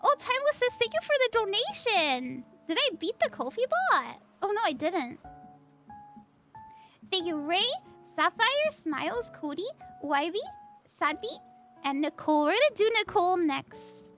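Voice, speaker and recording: Bubbly high-voiced woman tarot streamer. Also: big pitch swings, moderate pace, fairly bright tone, faint music behind. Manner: bubbly, giggly, reads chat aloud. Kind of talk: casual livestream tarot reading.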